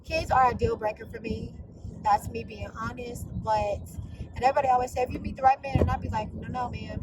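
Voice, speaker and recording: A woman's voice: on the high side, heavy background noise. A woman vlogging in a casual, confessional way, chatty and gushing as she talks to her viewers.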